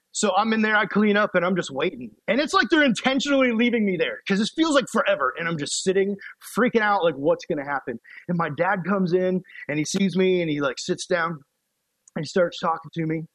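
A man's voice: high-pitched, no echo, poor audio. A young man, telling a playful story as a youth pastor's sermon. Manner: animated, playful storytelling with laughs.

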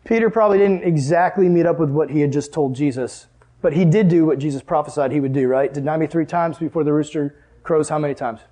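A young man preaching to a youth group, telling a funny story and acting out both sides of the conversation. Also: quick pace. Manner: animated, jokey, acts out dialogue with big pitch jumps. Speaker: youth pastor. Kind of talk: sermon with storytelling.

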